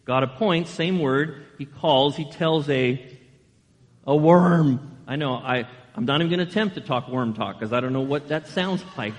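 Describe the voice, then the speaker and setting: Male pastor, sermon delivery, animated with rhetorical questions, slightly high voice, long hall reverb. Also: moderate pace.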